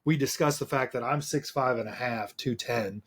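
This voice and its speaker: Husky-voiced male podcast host. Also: mid-range voice, moderate pace. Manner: curious, reflective talker. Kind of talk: casual conversation.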